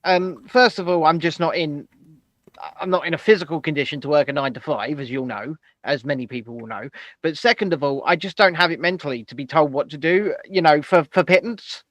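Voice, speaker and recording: A man's voice: fairly high pitch, brisk, a bit bright, dry recording. A man co-hosting a casual podcast, emphatic and opinionated, often restarting his sentences. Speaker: co-host.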